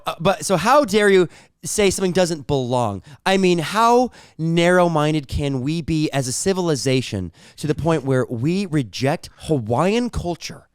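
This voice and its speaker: A man's voice: a little high, no room sound, studio quality. Man arguing in mock-serious debate. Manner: mock-serious arguing, stumbling repetitions, laughing at own jokes. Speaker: podcast co-host.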